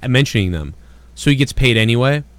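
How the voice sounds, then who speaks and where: A man's voice: medium pitch, expressive, fast talker. A man from Massachusetts hosting a podcast, chatting casually and rambling with lots of fillers and swearing. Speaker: podcast host.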